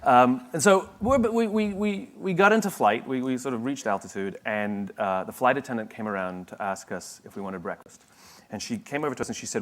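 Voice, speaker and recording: A man's voice: mid-range voice, fairly quick, a bit bright. Wry, conversational male motivational speaker. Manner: conversational and wry, with self-corrections and asides. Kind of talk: motivational talk with storytelling.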